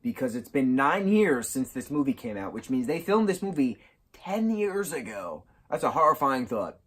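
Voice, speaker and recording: A man reviewing a film in a casual vlog, retelling scenes excitedly with bursts of giggling and sudden jumps in pitch and volume. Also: normal speed. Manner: giggles through his retelling.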